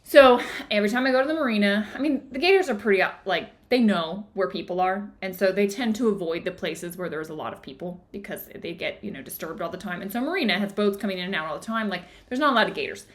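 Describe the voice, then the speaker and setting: A woman hosting a book club livestream, retelling a story in a casual, animated way and acting out the quotes. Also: medium pitch, fast, few pauses. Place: home in the woods. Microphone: streaming device, live video.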